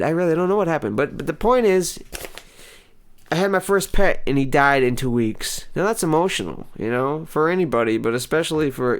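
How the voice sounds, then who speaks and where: A man hosting a comedy show, telling a rambling personal story with many pauses and mock-dramatic outbursts. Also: mid-range voice, clean tone. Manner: hesitant, full of ums, mock-dramatic outbursts. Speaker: comedy podcast host. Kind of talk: rambling comic monologue.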